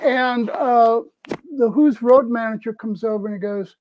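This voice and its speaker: A man's voice: very high voice, fairly even intonation, a little slow, a little hiss or hum. A man in his seventies, a former festival crew member, tells a story casually and acts out the people he quotes. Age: 70s. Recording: dull, dry lo-fi sound.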